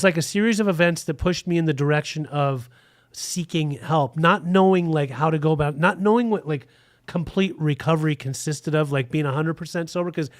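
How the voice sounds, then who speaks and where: A man in his forties tells a frank, rambling story in a podcast interview, with "like" scattered through his speech. His voice sits a little high for a man. The recording is dry, with no room sound. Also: dry recording. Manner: rambling, frank, full of "like" fillers.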